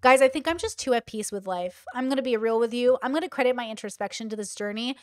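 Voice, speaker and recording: A woman's voice: a little high, fast, hardly any pauses, dry recording, clean studio sound. A young woman hosting casual commentary, chatty and full of "like" fillers. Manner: chatty, many 'like' fillers. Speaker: host.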